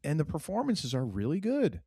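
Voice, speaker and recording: A man's voice: a little high, wildly swooping pitch, moderate pace, mellow, husky, no echo, studio quality. A middle-aged man from New England, co-hosting a podcast in casual, rambling chat full of fillers and restarts. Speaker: podcast co-host.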